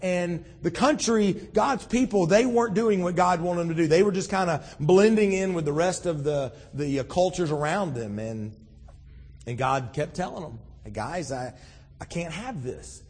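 Male pastor, high husky voice, chatty preaching style full of restarts, long hall echo. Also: moderate pace, a little mellow. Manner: conversational, many restarts and "you know". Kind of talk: sermon.

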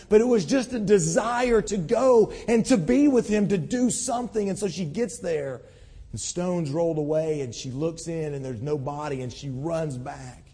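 A man delivers a conversational sermon, reading scripture and unpacking it in an earnest, storytelling way. His voice is slightly high, soft and husky. Long reverb trails behind him, as in a large church hall. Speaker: pastor.

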